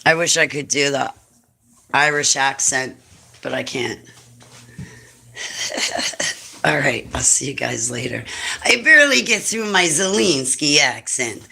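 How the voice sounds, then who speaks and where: A woman's voice: rumbling low, lively intonation, takes it slowly, creaky, long pauses, sharp tone, husky. A woman hosting a livestream, talking casually and bluntly to her viewers, rambling from topic to topic and chuckling often. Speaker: livestream host.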